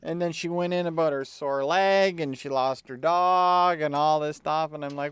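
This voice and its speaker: Give me a man with a smooth, slightly high voice spinning wry anecdotes on a podcast, no room echo. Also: normal speed, few pauses, a bit bright. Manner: wry storyteller, imitates people he meets. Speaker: podcast co-host. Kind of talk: casual podcast banter.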